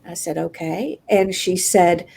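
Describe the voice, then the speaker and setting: A woman with a Southern American accent telling a personal story as an interview guest, acting out the voices of the people in it with big jumps in pitch. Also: moderate pace, darkish tone.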